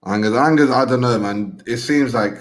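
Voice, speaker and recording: A man's voice: mid-range voice, normal speed. A man co-hosting a football fan stream, chatting in loose, slangy banter. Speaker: co-host of a fan watchalong stream. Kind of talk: casual chat.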